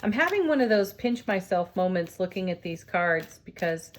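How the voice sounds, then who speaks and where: Woman tarot reader, calm and soothing, breaks into delighted laughs. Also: fairly low pitch, normal speed. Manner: gentle, soothing, laughs often; awed and excited at the cards. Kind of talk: tarot reading vlog.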